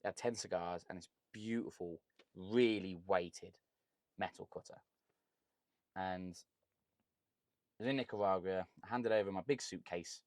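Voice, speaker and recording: A man's voice: low voice, measured pace, long pauses, no room sound. A young man with a Birmingham accent, a podcast guest telling stories in blunt, joking casual chat. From Birmingham, England. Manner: blunt, joking, lively storyteller. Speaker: podcast guest, cigar content creator.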